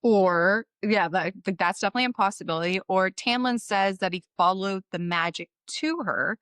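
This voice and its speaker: A woman's voice: medium pitch, normal speed, fairly bright tone, clear, resonant tone, no echo, clean studio sound. A woman co-hosting a book podcast, chatting casually and curiously, swearing now and then. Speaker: podcast co-host. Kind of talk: casual book discussion chat.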